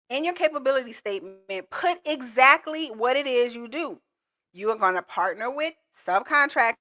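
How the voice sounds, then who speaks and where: A woman's voice: high-pitched, lively intonation, normal speed, bright, forceful tone. A woman coaching viewers in a live stream, talking in an emphatic, repetitive, colloquial way. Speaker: proposal coach.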